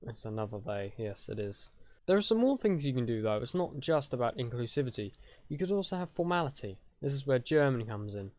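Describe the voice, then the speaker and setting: A man walks through a language-building tutorial in a relaxed, chatty manner, often stopping to rephrase. His voice sits mid-range, and the recording is close and dry, with no room sound. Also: mid-range voice, brisk, no room sound. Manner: chatty, loose, with fillers and self-corrections. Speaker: conlang tutorial host. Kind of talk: casual explanatory tutorial.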